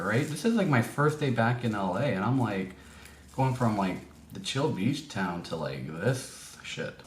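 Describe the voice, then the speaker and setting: In an unhurried way, a man with a mid-range voice and lively intonation shares a vlog-style story, rambling with many fillers and restarts. He's recorded in an echoey indoor room with faint background noise.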